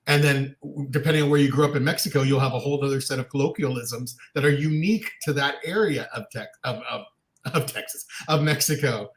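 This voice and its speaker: A man co-hosting a casual livestream chat show, talking in a chatty way and laughing easily. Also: a little high. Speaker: co-host.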